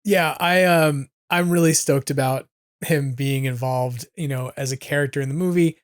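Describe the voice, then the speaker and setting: A man hosting a podcast with a slightly higher voice than most men. He talks in an enthusiastic, rambling way, full of "like"s. His sound is dry and close, with no room at all. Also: moderate pace, no room sound. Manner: enthusiastic, rambling, heavy use of "like". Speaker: podcast host. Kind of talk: casual fan chat.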